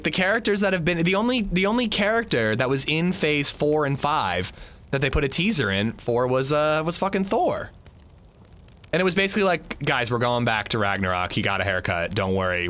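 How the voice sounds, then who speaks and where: Bright, lively male game streamer. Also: fairly high pitch. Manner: rambling, swearing, lots of restarts. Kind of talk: casual chat while gaming.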